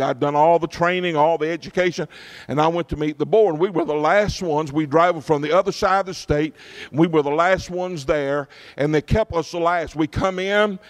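Pastor, middle-aged man, folksy storytelling sermon with frequent asides to the congregation, a touch higher-pitched than most men. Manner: folksy preacher, checks in with the congregation often.

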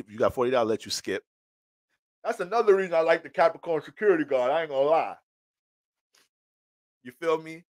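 A man's voice: on the high side, no echo. Slangy, rambling male astrologer. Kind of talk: casual astrology reading.

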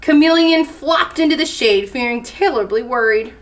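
A woman children's librarian hosting story time, reading aloud with animated expression. Her voice is high and swings widely in pitch. She paces the story for young listeners. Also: moderate pace.

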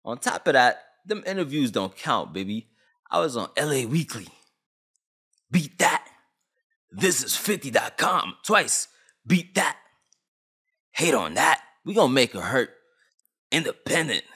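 A man's voice: mid-range voice, sing-song, measured pace, pauses often, sharp tone, slightly rough. A young man from Canada ranting on camera about a law, agitated, blunt and full of slang. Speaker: vlogger. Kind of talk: heated opinion rant.

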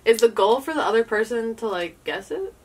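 A woman's voice: on the high side, lively intonation, brisk. A woman co-hosting a casual video, chatting in a laid-back, playful way with frequent giggles. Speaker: co-host of a video channel. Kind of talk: casual chat.

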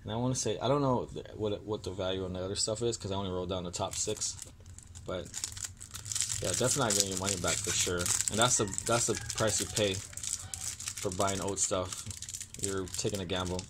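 A man's voice: low voice, steady tone, brisk, background noise. A young man hosting a casual card-opening vlog, sounding annoyed and apologetic as he stumbles over card names. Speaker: card-opening video host.

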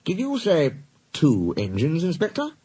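A man doing a stern, brisk railway boss. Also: a little high, huge pitch swings, mellow, slightly rough, pitched above the performer's own voice, exaggerated voice. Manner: brisk, commanding and dry. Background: background music.

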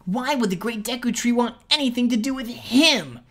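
A woman's voice: a little high, animated, moderate pace, fairly bright tone, voice pushed up. A woman voicing a sneering, bratty older boy of the forest folk in a storybook reading. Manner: sneering, scoffing.

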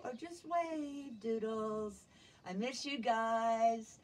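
A woman teacher reads a picture book to little children in an unhurried voice. Her pitch swoops up and down with expression. She pauses to ask gentle questions about the pictures, with a faint hiss in the background. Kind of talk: reading a picture book aloud to young children.

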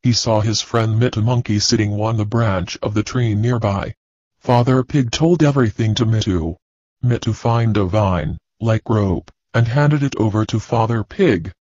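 Man slowly reading a lesson aloud. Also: lowish voice, a little mellow, no echo. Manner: slow, deliberate, clear reading. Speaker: teacher. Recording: dull, dry lo-fi recording.

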